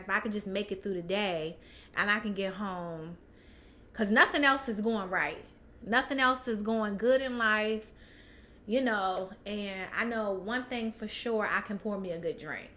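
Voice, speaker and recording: A woman's voice: medium pitch, sharp tone, a little hiss or hum. A woman guest on a podcast, talking candidly with many fillers and restarts and laughing often. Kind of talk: candid personal chat.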